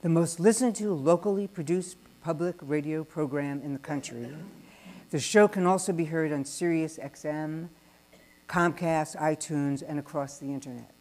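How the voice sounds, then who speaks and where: A woman's voice: low voice, darkish tone. Woman reading a formal speaker introduction. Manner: formal, measured announcing. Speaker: event host introducing speakers. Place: large synagogue hall before an audience.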